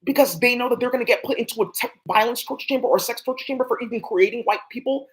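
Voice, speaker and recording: A woman's voice: a little high, very fast, heavy background noise. Agitated, profane woman ranting on a livestream. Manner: agitated, profane, talks back at unseen voices. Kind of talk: rambling livestream rant.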